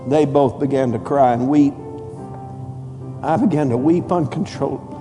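A man pastor telling a story in a sermon, swinging from hushed to shouting with dramatic force. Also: medium pitch, normal speed. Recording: long hall reverb, faint music behind.

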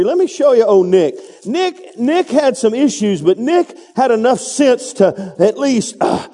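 A man's voice: high-pitched, mellow, long reverb tail. A male pastor preaching a sermon, emphatic and calling out to the congregation.

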